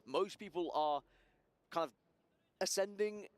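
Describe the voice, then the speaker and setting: A man giving measured, analytical esports commentary. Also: high-pitched, no echo.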